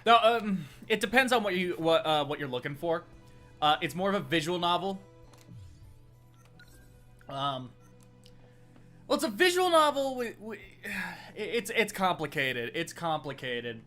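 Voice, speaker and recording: A man's voice: sits high, very animated, a little slow, pauses often, a bit bright, faint music behind. A man streaming a video game, commenting frankly with swearing and restarted sentences. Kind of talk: let's play commentary.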